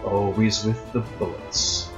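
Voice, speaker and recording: A man voicing a calm, menacing armored young warrior who speaks quietly, slowly and mockingly. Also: fairly low pitch, lo-fi sound, music in the background.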